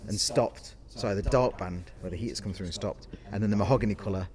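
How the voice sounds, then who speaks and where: A man's voice: fairly low pitch, fast, a crowd in the background. A man co-hosting a casual podcast as a caterer, explaining things in detail with asides and self-corrections. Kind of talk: casual chat.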